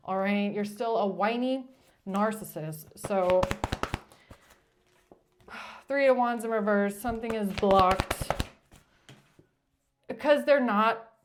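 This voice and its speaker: A woman giving a tarot reading in a blunt, emphatic way, cursing when she gets frustrated. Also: fairly high pitch. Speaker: tarot reader.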